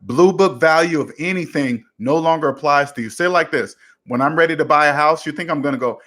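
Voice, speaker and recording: A man's voice: fairly high pitch, normal speed, hardly any pauses, a bit bright. A man hosting a personal finance livestream Q&A, talking casually with emphatic, repetitive catchphrases and answering viewers' questions. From United States.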